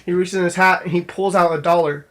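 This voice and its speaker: A man's voice: high-pitched, fairly even intonation, fast talker, fairly bright tone. A young man casually telling a story from his job in a vlog, rambling with lots of fillers and restarts. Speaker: store clerk telling a work story.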